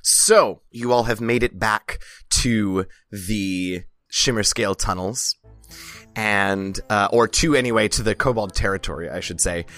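A man with a hoarse voice from a cold, hosting and narrating a tabletop game as dungeon master, with many fillers and restarts. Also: lowish voice, a little slow, fairly bright tone, no room sound.

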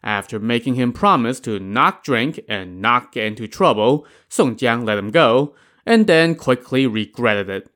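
A man's voice: mid-range voice, expressive, measured pace, a bit bright. A man narrating a classic tale in a conversational, wry storytelling style with casual asides. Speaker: podcast narrator.

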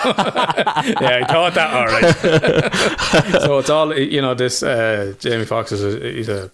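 A man's voice: medium pitch, lively intonation, measured pace, fairly bright tone. A man co-hosting a podcast, telling stories in casual chat, rambling, swearing freely and laughing often. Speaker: podcast co-host.

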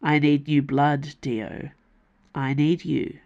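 A woman reading aloud, voicing a dark, possessive male god who is also a black raven, in a low, slow, menacing tone. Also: steady tone, gravelly, dull audio, exaggerated voice.

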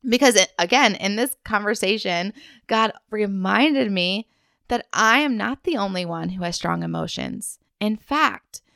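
Woman doing a faith podcast, slow and heartfelt, smooth clear voice, dry close mic. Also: mid-range voice, lively intonation, a bit bright, no echo. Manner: earnest, heartfelt, addresses listener directly. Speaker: podcast host. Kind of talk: faith-based wellness podcast talk.

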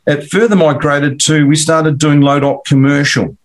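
A man's voice: fairly high pitch, steady tone, moderate pace. A middle-aged Australian man telling his career story as a guest, rambling and repeating words as he acts out conversations. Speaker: commercial finance broker guest. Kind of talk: casual storytelling interview.

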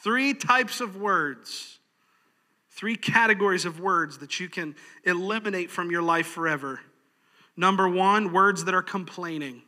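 A man's voice: high-pitched, unhurried, bright, forceful tone, big-room sound. A man preaching a sermon in a folksy, practical way, chuckling often. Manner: folksy, practical, laughs easily. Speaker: pastor.

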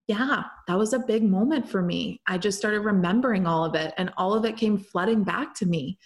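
A young woman hosting a show, telling a personal story in a loose, chatty way with lots of fillers and run-on sentences. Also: mid-range voice. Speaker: podcast host and healer. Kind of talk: casual storytelling monologue.

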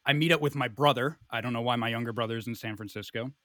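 A young man telling a comic story in a rambling, animated way, full of fillers. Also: medium pitch, fast talker, no echo.

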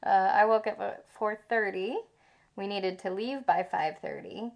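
A woman's voice: mid-range voice, unhurried, vocal fry, highs cut off. Chatty woman retelling a trip. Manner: chatty, animated retelling with swearing. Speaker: travel vlogger. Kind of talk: casual chat.

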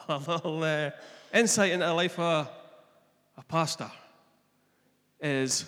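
A man's voice: on the high side, takes it slowly, a bit bright. A man with a Scottish accent preaching a sermon, retelling scripture in plain everyday speech. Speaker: pastor. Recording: long echo of a large hall.

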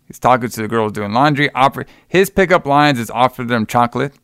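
A man co-hosting a casual movie podcast, recapping scenes in a loose, rambling way. His voice is smooth and clear, at a middle pitch. The recording is dry and close. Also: fast, fairly bright tone, no echo. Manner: rambling, swearing, acts out quotes with laughs. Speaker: podcast co-host. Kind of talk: casual movie review chat.

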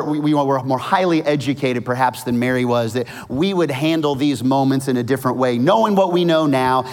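A man preaching a sermon as casual, vivid storytelling with slang. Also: on the high side. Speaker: pastor.

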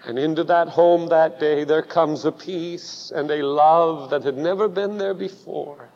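Slow dramatic preacher in a reverberant hall. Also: male voice, fairly high pitch, fairly even intonation, gravelly. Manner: dramatic storytelling, swings to loud emphatic peaks. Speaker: pastor. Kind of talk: sermon. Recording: dull recording with long hall reverb.

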